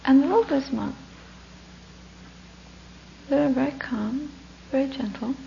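A Buddhist teacher, a woman, gives a story-based talk, dropping into breathy whispers for emphasis and laughing between lines. Her slightly high voice has a gravelly edge and a dark tone, and she speaks unhurriedly. The recording is dull and lo-fi, with a faint hum behind her.

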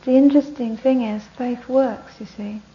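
A woman Buddhist teacher giving a talk, telling a story with lively narration that often drops to a whisper. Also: on the high side, moderate pace. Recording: dull lo-fi recording with faint hiss.

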